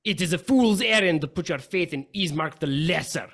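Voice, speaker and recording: A man's voice: fairly high pitch, animated, normal speed, fairly bright tone. A man voicing a hulking, bitter village brute who speaks with grim scorn. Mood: scornful.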